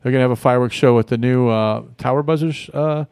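A man's voice: medium pitch, fast talker, a little mellow, smooth, no echo, studio quality. A man hosting a casual local radio talk show, rambling and friendly with many fillers and restarts. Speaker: radio host. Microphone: studio mic.

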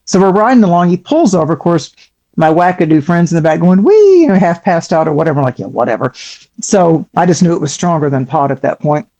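A woman who is a psychic guest on a show, telling a story casually and acting out other people's voices with big jumps in pitch. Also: fast talker, warm tone.

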